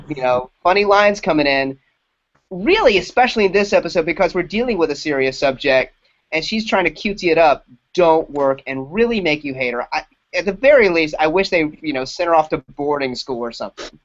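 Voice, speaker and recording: Podcast co-host, casual chat, rambling, middle pitch, muffled lo-fi audio. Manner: rambling, lots of fillers and restarts.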